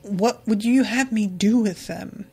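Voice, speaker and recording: A woman's voice: medium pitch, a little slow, mellow, slightly rough. A woman hosting a book podcast, losing her voice, talking bluntly and profanely about what she reads. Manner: blunt, profane, exasperated commentary. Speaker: podcast host. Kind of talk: casual book-discussion podcast.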